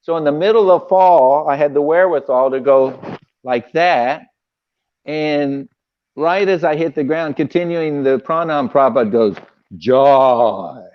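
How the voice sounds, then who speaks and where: An older man telling emotional personal memories in an interview, halting often with fillers. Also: a little high, clear, resonant tone. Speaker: guest recalling memories. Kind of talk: casual storytelling interview. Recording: dull lo-fi sound.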